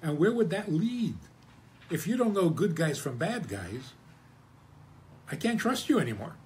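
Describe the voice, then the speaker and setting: Wry rabbi giving a chuckling talk. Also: male voice, fairly high pitch, big pitch swings, unhurried, a little mellow, a little hiss or hum. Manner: chuckling, rhetorical questions, wry humor. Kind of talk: conversational Torah talk.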